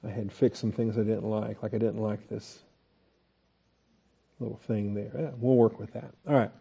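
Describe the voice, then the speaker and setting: A man's voice: on the low side, fairly even intonation, normal speed, gravelly, dark tone, husky. A man teaching a Bible study lecture in a conversational way, asking the class questions and restarting his sentences.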